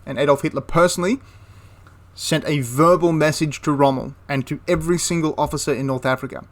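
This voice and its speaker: A man's voice: a little high, a little fast. A young man casually retelling a wartime history story, chatty and prone to correcting himself mid-sentence. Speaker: history channel host.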